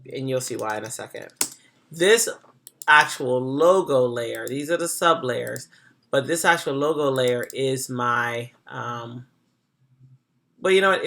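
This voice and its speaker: A design instructor talking through a software tutorial in a casual, chatty way, thinking aloud and correcting themself as they go. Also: medium pitch, creaky.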